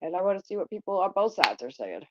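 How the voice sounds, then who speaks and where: A woman's voice: medium pitch, very animated, fast talker, highs cut off, very noisy. A woman hosting a casual livestream, chatting bluntly and with plenty of profanity to her viewers. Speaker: livestream host.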